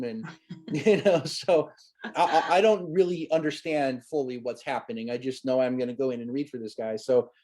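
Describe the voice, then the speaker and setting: A man's voice: mid-range voice, a little mellow. Rambling, amused man in his thirties. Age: 30s. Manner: rambling, amused, many restarts. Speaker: guest, former child actor. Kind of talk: casual storytelling interview.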